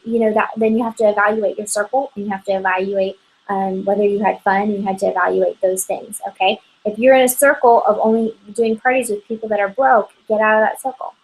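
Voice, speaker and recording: A woman's voice: on the high side, slightly rough, rough recording. A woman giving an upbeat, chatty motivational training talk to her sales team, often checking in with "okay?".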